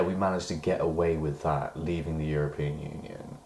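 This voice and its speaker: Super deep voiced british guy rambling into the camera, lots of "you know" and restarts, echoey room. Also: moderate pace, creaky, few pauses, a little mellow, a little hiss or hum. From Britain. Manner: meandering, full of hedges and restarts, swears when worked up. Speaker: diary vlogger. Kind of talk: rambling personal monologue.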